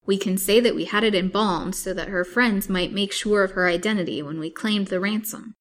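A woman's voice: mid-range voice, a little fast, close to an everyday voice. Woman voicing a blustering old man. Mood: furious. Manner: loud, scolding, contemptuous.

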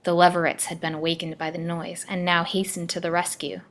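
A woman storyteller reading a melodramatic serial aloud with expressive delivery. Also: fairly low pitch, brisk. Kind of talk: scripted narration.

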